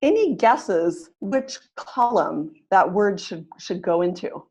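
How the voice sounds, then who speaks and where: A woman's voice: mid-range voice, expressive, takes it slowly, dark tone, slightly rough. A woman leading an online pronunciation webinar, encouraging and often repeating her phrases as she runs drills. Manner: encouraging, leads drills and clapping exercises. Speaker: webinar facilitator, pronunciation teacher.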